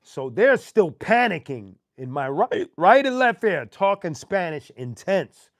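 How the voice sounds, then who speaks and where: Animated, cursing man telling a story. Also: high-pitched, unhurried, no echo. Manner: profane, animated anecdote telling with slang. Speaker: host. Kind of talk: casual storytelling.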